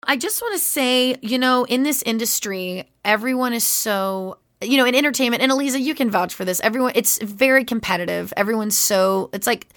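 A woman voice actress chatting casually as a podcast guest, animated and full of fillers. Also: on the high side, a little fast, hardly any pauses, no echo, studio quality. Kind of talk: casual interview chat.

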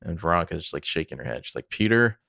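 Low gravelly man recapping a show. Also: fast talker, dry recording, studio quality. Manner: animated retelling, mimics characters with big pitch jumps. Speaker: podcast co-host recapping a TV episode. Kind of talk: casual chat.

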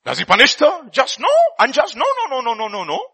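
A man delivering a sermon with a high, lively and husky voice. He reads scripture and swings between loud bursts and quiet asides, with a bright edge throughout. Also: brisk, poor audio. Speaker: preacher.

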